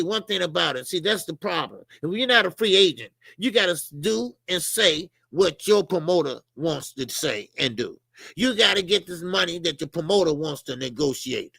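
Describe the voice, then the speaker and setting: A man talks boxing on a live stream in a casual, rambling way, cursing bluntly and calling out to viewers in the chat. His voice sits high and has a gravelly edge. The recording is dry and close, with no room sound. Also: bright, forceful tone, no echo. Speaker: boxing channel host.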